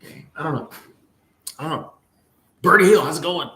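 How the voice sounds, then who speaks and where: A man hosting a casual livestream, reading chat and answering viewers in a relaxed, playful way, often repeating his phrases. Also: fairly high pitch, fairly quick. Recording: echoey room.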